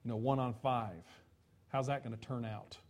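A man preaching a sermon, retelling a scripture story with lively storytelling and acted-out shouts. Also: mid-range voice, moderate pace. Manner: lively storytelling, acting out voices and taunts.

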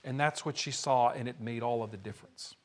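A man's voice: mid-range voice, fairly quick. A man preaching a sermon, retelling a story dramatically and acting out the quotes. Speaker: pastor.

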